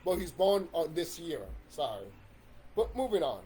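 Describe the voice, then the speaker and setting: A man's voice: a little high, big pitch swings, moderate pace, dark tone, slight background noise. A man in a casual ranting monologue about video games, swearing and rambling with restarts. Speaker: YouTube commentator.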